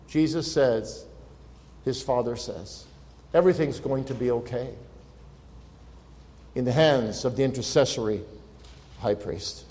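A man preaching a sermon as pastor, earnest, slowing and swelling when he quotes scripture. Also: medium pitch, mellow. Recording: long reverb of a large hall.

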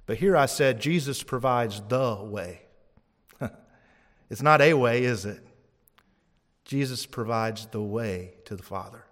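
Man, pastor, preaching, emphatic, call-and-response, mid pitch, echoing church hall. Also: slow, pauses often, a bit bright. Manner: emphatic preaching, rising on key phrases, asks the congregation for responses. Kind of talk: sermon. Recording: long hall reverb.

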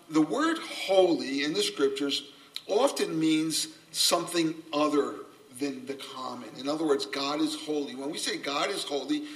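Earnest pastor preaching from afar. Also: male voice, on the high side. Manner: earnest, self-described subdued, gently humorous. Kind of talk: sermon. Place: church sanctuary. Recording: voice from a distance off the mic.

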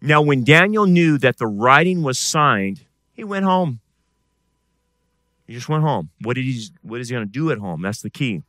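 A man, a pastor, preaching a sermon and swinging between loud emphatic bursts and quiet, intense passages. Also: medium pitch, sing-song, moderate pace, no echo.

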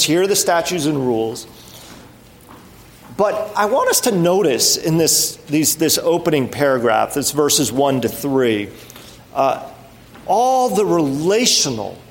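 A man with a slightly high voice preaching a sermon. He talks conversationally, restarting phrases and using fillers. He builds emphasis on key words, then sinks to a hushed, soft delivery. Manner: earnest, emphatic, with rising stresses and quiet drops. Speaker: pastor.

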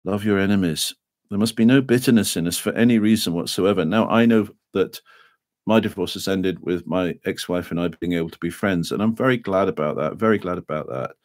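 A middle-aged man with a lowish voice delivers a podcast sermon. He speaks earnestly and in a measured way, drawing out quoted verses slowly and dropping his voice for personal admissions. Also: no echo. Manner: earnest, measured preaching, slowing to dwell on scripture. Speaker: preacher. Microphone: podcast microphone.

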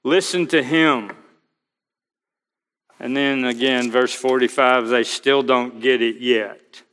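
A male pastor preaching a sermon, slow and emphatic, quoting scripture aloud. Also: medium pitch, steady tone, a bit bright, clear, resonant tone, big-room sound.

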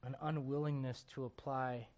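A man preaching a sermon. He swings between quiet, close asides and loud, emphatic preaching, and keeps asking his listeners rhetorical questions. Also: mid-range voice, steady tone, normal speed. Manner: asks the congregation rhetorical questions.

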